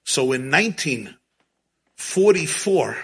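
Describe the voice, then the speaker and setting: Husky, bright-voiced male storyteller. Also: fairly high pitch, slow pace. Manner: animated, chuckles often, sprinkles Yiddish and Hebrew terms. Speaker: religious storyteller. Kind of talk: storytelling talk.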